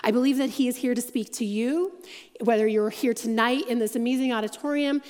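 A woman's voice: on the high side, a little mellow. Chatty woman preaching in a big hall. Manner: chatty, self-deprecating storytelling with quick asides. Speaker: church staff speaker giving the message. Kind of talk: sermon. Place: large church auditorium.

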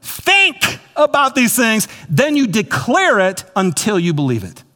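A man preaching a sermon as pastor, animated and repetitive, speaking straight to his congregation. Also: high-pitched, measured pace. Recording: long hall reverb.

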